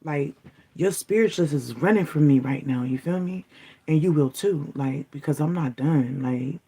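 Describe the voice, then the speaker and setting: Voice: mid-range voice, normal speed, creaky, mellow, husky. A content creator delivering a defiant, taunting spiritual warning straight to the viewer, repeating "you feel me?" as they go. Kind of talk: direct-to-camera warning rant.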